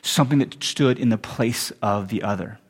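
Man, pastor, sermon, conversational, self-correcting, slightly breathy voice. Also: fairly low pitch, normal speed. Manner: conversational, self-correcting, rising to animated asides.

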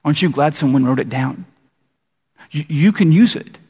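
A man preaching a sermon in a church, talking in a conversational, lively storytelling way with many fillers. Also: a little high, normal speed, breathy edge. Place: church sanctuary. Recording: long reverb of a church hall.

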